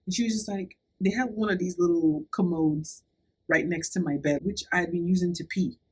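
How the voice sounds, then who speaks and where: A young woman vlogger casually telling a personal story to camera, animated and laughing as she acts out what people said. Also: on the low side, fairly quick, breathy edge. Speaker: beauty vlogger.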